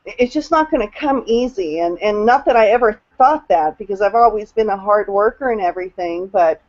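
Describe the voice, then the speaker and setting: A woman's voice: medium pitch, fairly quick, a little mellow, dull audio. A woman on a video call sharing her experience as a new team member in a rambling, emotional way, full of fillers and restarts. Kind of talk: casual testimonial on a video call.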